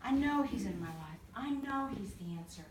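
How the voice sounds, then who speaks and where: A woman counselor talking to a church group, telling stories in an animated way, acting out voices and laughing often. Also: mid-range voice, moderate pace, slight background noise. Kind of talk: church talk to a live group. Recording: echoey room recorded from far off.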